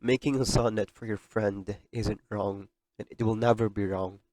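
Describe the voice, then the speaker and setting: Podcast host, young man, low register, tearful sincerity, dry close mic. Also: fairly even intonation, moderate pace, darkish tone, dry recording. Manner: emotional, tearful, earnest. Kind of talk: heartfelt podcast monologue.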